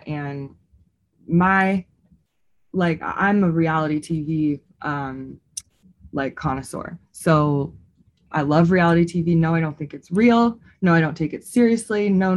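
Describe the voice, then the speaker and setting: A woman co-hosting a podcast, chatting casually in an expressive way, with lots of "like". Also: lowish voice, muffled recording. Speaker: podcast co-host. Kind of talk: casual chat.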